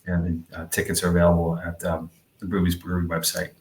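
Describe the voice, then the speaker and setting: A man's voice: low voice, monotone, fast, reverberant. A man co-hosting a podcast in meandering, chatty conversation, full of fillers. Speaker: podcast co-host. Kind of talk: casual podcast chat.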